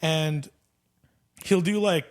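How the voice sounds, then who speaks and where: A man's voice: fairly high pitch, slow. A young man hosting a podcast in casual chat. He is laid-back and swears freely, with lots of "dude" and "like.". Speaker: podcast host and comedy show booker.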